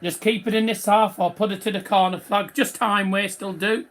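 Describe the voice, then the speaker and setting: A man's voice: high voice, fairly even intonation, moderate pace, a bit bright. A man hosting a football watchalong, commenting live on the match and chuckling at viewers' messages. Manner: chatty, laughing at fans' bets.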